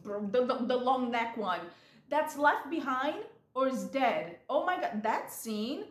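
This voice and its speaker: Female vlogger, casual rambling chat, a bit high-pitched, roomy echo. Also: unhurried. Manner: chatty, rambling, animated retelling. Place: lives in San Diego.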